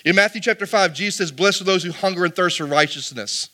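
A man's voice: high-pitched, fast talker, sharp tone. A man preaching a sermon as pastor, reading scripture aloud and firing rhetorical questions at the congregation. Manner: reads scripture aloud between remarks.

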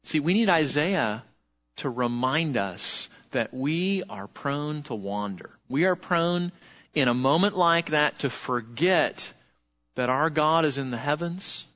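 A man preaching a sermon as pastor, lively and conversational, asking the congregation questions. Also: on the high side, takes it slowly, muffled recording.

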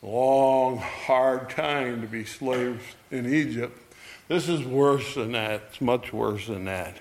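This man's voice sits at a middle pitch and moves at an unhurried pace. He teaches a Bible passage one verse at a time, first reading it out and then unpacking it in a homey, chatty manner.

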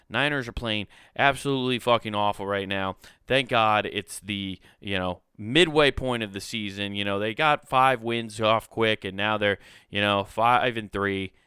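A man's voice: on the low side, sharp tone, smooth, dry recording, clean studio sound. A man in his thirties hosting a solo podcast, rambling and profane, mocking himself and laughing often. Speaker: podcast host. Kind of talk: casual solo podcast rant.

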